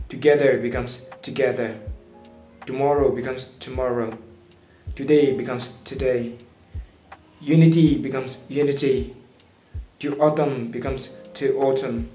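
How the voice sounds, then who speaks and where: Slow, deliberate man teaching pronunciation. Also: mid-range voice, mellow. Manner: deliberate, over-enunciates example words. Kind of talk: slow, careful teaching with word drills. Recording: echoey room with faint music.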